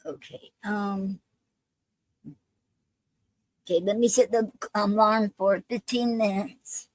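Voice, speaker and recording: A woman's voice: mid-range voice, steady tone, takes it slowly, a little mellow, no echo, rough recording. A woman hosting a casual live stream, talking with many ums and restarts.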